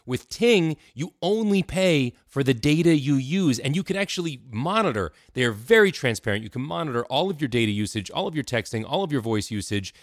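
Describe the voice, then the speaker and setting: A man's voice: mid-range voice, lively intonation, brisk, hardly any pauses, no echo, studio quality. A man co-hosting a podcast, delivering sponsor reads in an emphatic, persuasive, conversational way. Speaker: podcast co-host. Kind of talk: conversational ad read.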